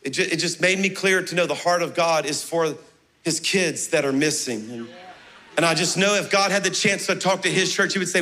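A middle-aged pastor, preaching a sermon with passionate, animated storytelling. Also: male voice, on the high side, a little fast, slight background noise. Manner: passionate, animated, acting out dialogue.

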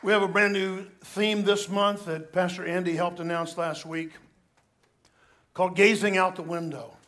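Pastor dude preaching, earnest and emphatic, pretty high voice. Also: male voice, steady tone, normal speed, fairly bright tone. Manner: earnest, emphatic scripture reading. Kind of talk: sermon.

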